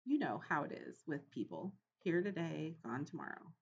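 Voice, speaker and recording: A woman's voice: sits low, sing-song, normal speed, muffled recording, a little hiss or hum. A woman voicing a cautious, grumbling uncle mouse who lectures the young.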